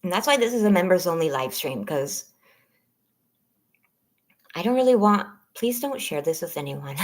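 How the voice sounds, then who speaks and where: Shaky, halting woman, low-pitched and close to tears. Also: very animated, darkish tone. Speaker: vlogger on a members-only live stream. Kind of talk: emotional personal live stream.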